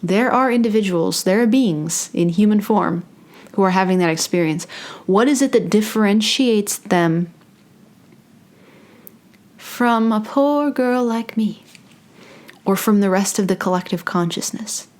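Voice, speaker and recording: A young adult woman channeling spirit in a casual talk to camera, playful and drifting into soft whispered asides. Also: medium pitch, moderate pace. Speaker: spiritual channeler and meditation host.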